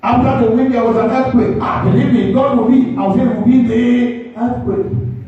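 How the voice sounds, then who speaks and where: A man's voice: very high voice, animated, moderate pace. A man preaching a sermon as pastor. He speaks emphatically, repeats his points and calls on the congregation to respond. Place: church sanctuary. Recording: echoey church hall, distant dull mic.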